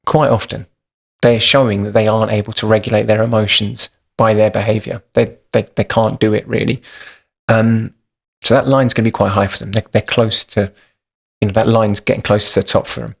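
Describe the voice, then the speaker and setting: A man's voice: on the low side, level tone, fairly quick, vocal fry, breathy edge. A man hosting a podcast, talking in a thoughtful, practical, explanatory way. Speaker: podcast host.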